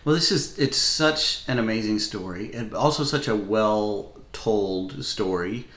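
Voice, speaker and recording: Lower-voiced guy talking faith stuff, thoughtful then fired up, echoey room. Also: measured pace. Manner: reflective, gets animated when excited. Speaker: podcast co-host who has preached. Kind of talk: casual faith discussion. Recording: roomy echo.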